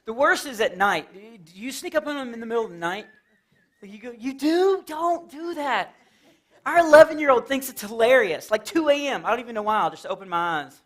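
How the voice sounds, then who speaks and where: A middle-aged man from Texas doing live Christian stand-up in a church, telling stories with lively acted-out quotes. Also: very high voice, quick pace, few pauses. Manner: animated storytelling with acted-out quotes and laughs. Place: church hall with a live audience.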